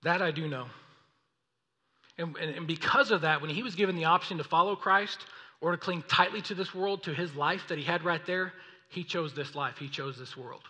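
A man preaching a sermon, reading scripture and acting out the people in the story in an animated way. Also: on the high side, moderate pace. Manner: animated, acts out voices of the story. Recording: long reverb of a hall.

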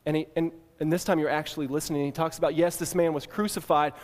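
A man's voice: a little high, fairly even intonation, fast. Preacher man in a reverberant hall. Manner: dramatic second-person retelling, swings from hushed to emphatic. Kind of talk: sermon storytelling.

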